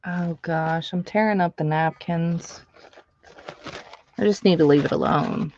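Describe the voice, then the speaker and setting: Slow-talking woman chatting while crafting. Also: lowish voice, darkish tone, highs cut off, a little hiss or hum. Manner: chatty, laughs often, talks to viewers. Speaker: live stream host. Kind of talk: casual live stream chat while crafting.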